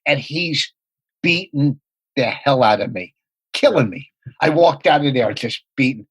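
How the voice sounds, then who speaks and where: A man telling rapid, profane comedy anecdotes in a casual podcast chat. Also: medium pitch, animated, a bit bright, slightly rough, no echo, poor audio. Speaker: comedian guest.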